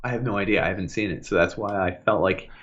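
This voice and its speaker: A man's voice: sits low, quick pace, highs cut off. A man co-hosting a casual podcast chat, telling stories with lots of laughter and acted-out quotes. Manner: animated storytelling, acts out quotes, laughs a lot. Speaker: podcast co-host.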